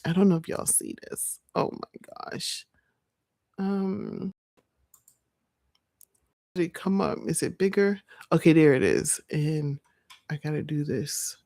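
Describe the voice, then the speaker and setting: A woman vlogging late at night, chatting casually and rambling to her viewers, sounding tired and breaking into excited squeals. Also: low-pitched, a little slow, long pauses, dry recording, studio quality.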